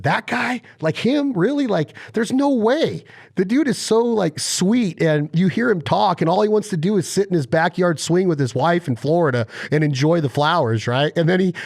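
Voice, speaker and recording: A man hosting a podcast interview, telling stories in an animated, impassioned way. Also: a little high. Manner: animated storyteller, impassioned and emphatic. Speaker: podcast host.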